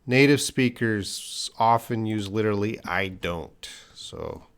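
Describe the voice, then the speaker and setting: A man answering viewers' English questions in a live-stream lesson. He explains patiently, with pauses and restarts. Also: on the low side, a bit bright, clean tone. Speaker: English teacher.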